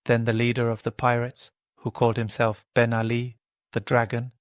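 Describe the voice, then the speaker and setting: A man narrating a children's story clearly and steadily for English learners. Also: mid-range voice, completely flat delivery, moderate pace. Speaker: audiobook narrator.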